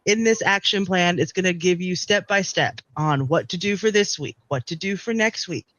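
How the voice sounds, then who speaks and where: A woman guest on a casual podcast, an AI marketing coach explaining with animated enthusiasm and repeated phrases. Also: on the low side, normal speed, no echo.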